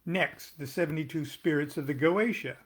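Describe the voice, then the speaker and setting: An older American man reading aloud from his own tarot booklet, pausing to explain terms and make small jokes. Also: fairly high pitch, a little hiss or hum. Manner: unhurried, stops to explain and joke. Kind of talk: casual reading with asides.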